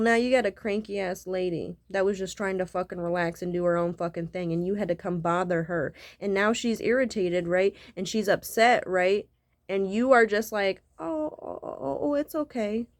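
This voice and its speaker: A woman's voice: medium pitch, steady tone, normal speed, no echo, studio quality. An irritated woman ranting profanely about being woken up, repeating "right?" between points. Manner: profane, repetitive, keeps asking "right?". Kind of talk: angry rant to camera.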